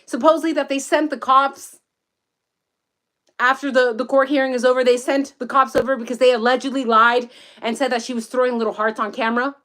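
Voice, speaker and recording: Woman, casual livestream commentary, profane, excitable, rambling, outdoors, fairly high voice. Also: fairly quick. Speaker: true-crime commentator. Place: outdoors in the woods.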